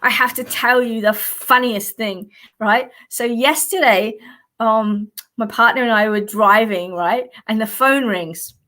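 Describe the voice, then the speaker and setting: Aussie lady chatting on a live stream, high-ish voice, blunt and sweary, laughs a lot. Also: unhurried, sharp tone. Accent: Australian. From Australia. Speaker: psychic. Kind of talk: casual live-stream chat.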